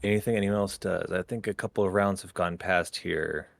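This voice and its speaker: A man running an online tabletop game as dungeon master, relaxed, laughing often and talking with many fillers. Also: deep voice, fairly quick, vocal fry. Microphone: online voice call.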